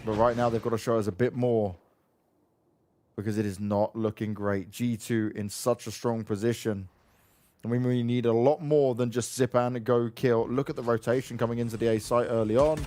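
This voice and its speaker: A man calling esports play-by-play briskly, getting excitable on big plays. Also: medium pitch, a little hiss or hum. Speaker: esports caster.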